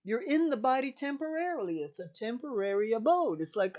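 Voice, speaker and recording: A woman's voice: fairly high pitch, big pitch swings, a little fast, a little mellow. An older woman, a spiritual teacher, giving an emphatic, repetitive teaching monologue.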